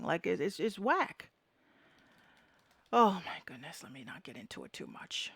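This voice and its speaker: A woman's voice: lowish voice, very animated, normal speed, creaky, a bit bright, husky, dry recording. A woman with a Bronx accent hosting a live podcast, ranting bluntly and swearing freely from home. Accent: New York, Bronx. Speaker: host. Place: home room with air conditioner running.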